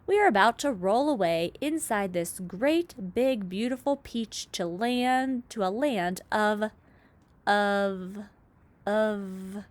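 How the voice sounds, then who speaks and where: A woman voicing a kind, gentle, motherly ladybug in a storybook reading. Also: mid-range voice, slow, close to an everyday voice. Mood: kindly. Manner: warm, reassuring.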